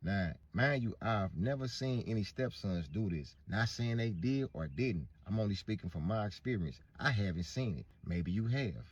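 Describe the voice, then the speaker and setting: Husky man telling a wild story. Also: fairly low pitch, animated, normal speed, hardly any pauses, highs cut off. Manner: vivid, profane storytelling with acted-out quotes. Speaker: storyteller in a clip. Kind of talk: storytelling monologue.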